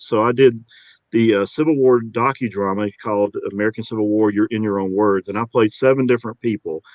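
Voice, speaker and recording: A man's voice: mid-range voice, no echo. A man with a Georgia accent, an easygoing and chatty voice actor being interviewed. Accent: Georgia, US South. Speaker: voice actor guest. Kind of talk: casual interview talk.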